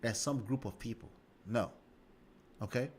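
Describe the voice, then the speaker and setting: A man's voice: medium pitch, measured pace, breathy edge. A man hosting a livestream and commenting on a clip, speaking emphatically and checking in with "okay?" and "right?". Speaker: livestream host.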